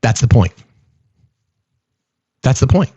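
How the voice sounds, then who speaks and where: A man's voice: medium pitch, big pitch swings, takes it slowly, mellow, breathy edge, no room sound, highs cut off. A man hosting a political commentary show, speaking emphatically and repeating phrases for stress.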